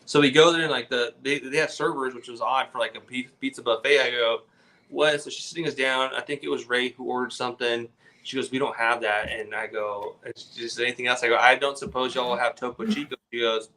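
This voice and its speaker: A young man with a bright, forceful, mid-range voice guests on a casual podcast. He tells rambling stories and says "like" constantly.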